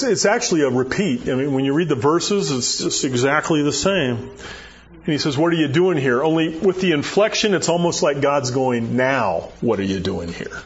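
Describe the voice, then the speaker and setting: A man preaching a sermon in a conversational, animated way, acting out Bible dialogue as he goes. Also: fairly high pitch, highs cut off.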